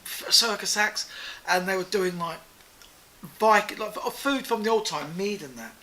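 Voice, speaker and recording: A man being interviewed, telling a rambling anecdote in an animated, casual way, swearing freely and repeating "I said" as he goes. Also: high-pitched, slight background noise, poor audio. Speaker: interview guest.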